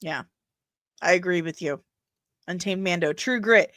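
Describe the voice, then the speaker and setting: A woman hosting a casual live stream, chatting playfully with sudden bursts of loud energy. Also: mid-range voice, a little slow, pauses often, no echo, clean studio sound.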